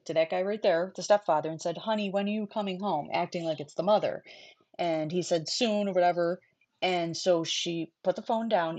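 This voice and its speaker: Chatty New woman, lowish voice. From New York. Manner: chatty and digressive, talks straight to the chat. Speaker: livestream host. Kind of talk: casual true-crime chat with live viewers.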